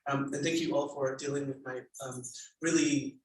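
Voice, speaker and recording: A male author thanking guests with halting, filler-heavy speech and then reading from his memoir at a bookstore event. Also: medium pitch, steady tone, a little mellow, slight background noise. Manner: hesitant with many fillers, then measured reading. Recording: echoey room, mic far off.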